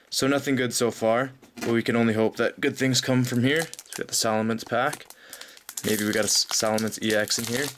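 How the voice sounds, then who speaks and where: Excited young man opening card packs. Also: medium pitch. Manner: excited, breathless exclamations. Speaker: card pack opener. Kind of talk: casual vlog pack opening. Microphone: off-camera voice, hands at table.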